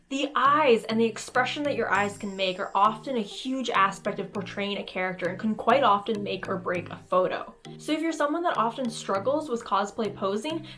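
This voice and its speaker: A woman's voice: mid-range voice, a bit bright. A woman hosting a casual cosplay tutorial, talking to the camera in a playful, goofy way and acting out expressions.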